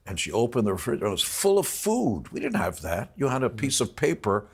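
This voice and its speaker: A man, a guest in an interview, telling a personal story in a reflective, halting way full of restarts. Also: on the low side, sing-song, a little mellow, breathy edge. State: emotional.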